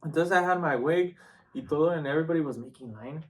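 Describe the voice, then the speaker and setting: A man hosting a podcast, telling a story in casual chat with Spanish words mixed in and loud acted-out outbursts. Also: fairly high pitch, quick pace, distant mic. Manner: animated storyteller who slips in Spanish words; acts out quoted lines with loud outbursts. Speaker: podcast host.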